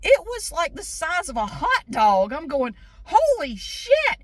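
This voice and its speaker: A middle-aged woman vlogger telling a story casually to the camera, lively, swearing and acting out what people said. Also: sits high, unhurried, no echo. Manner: animated, swearing, acts out quotes.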